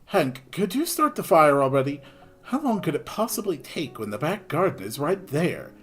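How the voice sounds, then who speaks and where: A man's voice: on the high side, sing-song, moderate pace, fairly bright tone, husky, soft background music, exaggerated voice. A man doing a chatty folksy shopkeeper. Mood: grumbling. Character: chatty friendly older male shopkeeper.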